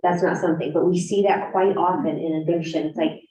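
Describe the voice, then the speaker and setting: A woman's voice: on the low side, fairly even intonation, fairly quick, dark tone. A woman instructor speaking frankly and conversationally on a panel at a career event. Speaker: graduate program instructor. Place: university event room. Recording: distant, echoey, dull room recording.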